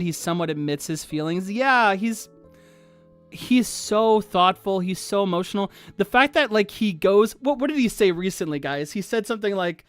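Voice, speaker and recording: A streamer chatting casually on a livestream, gushing excitedly and swearing freely, with faint music behind. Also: medium pitch, smooth.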